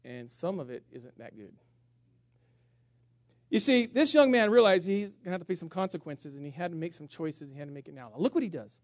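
A man preaching as a pastor, animated and humorous, jumping between loud emphasis and quiet asides. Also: a little high, brisk, dry recording, studio quality. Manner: humorous storytelling with self-mockery. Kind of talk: sermon.

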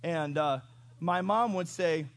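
Brief: high-pitched male pastor, lively sermon storyteller who quizzes his flock. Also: takes it slowly, no echo. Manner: animated storytelling, chuckles, asks the congregation questions.

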